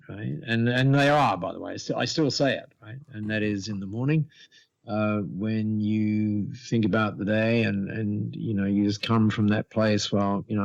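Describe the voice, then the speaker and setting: A man in his seventies, a podcast guest telling stories with lively quoted dialogue and many restarts. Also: lowish voice, creaky, lo-fi sound. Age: 70s. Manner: animated storyteller, lively quoting of others, many restarts. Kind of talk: storytelling in a podcast interview.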